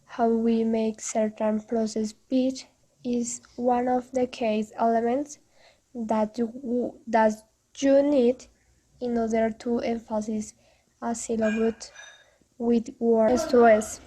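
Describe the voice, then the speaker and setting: Slow, mellow-voiced woman presenting. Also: on the high side, little pitch movement, low-quality recording. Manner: halting, careful non-native English. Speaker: student presenter. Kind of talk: class presentation video.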